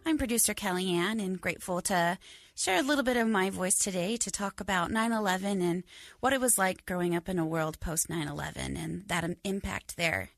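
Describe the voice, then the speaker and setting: Gravelly-voiced woman producer. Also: on the low side, fairly quick, no echo. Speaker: podcast producer. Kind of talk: show introduction.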